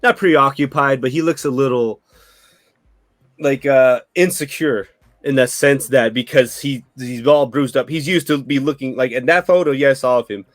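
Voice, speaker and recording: A man's voice: medium pitch, moderate pace, no echo. A man running a tabletop game as dungeon master, narrating in a rambling way with many restarts.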